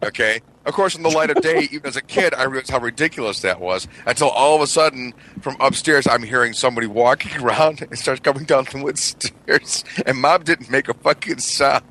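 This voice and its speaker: A middle-aged man telling a story as a radio show co-host in casual chat, animated and profane, acting out the quoted lines. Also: mid-range voice, a little fast, hardly any pauses, low-quality recording.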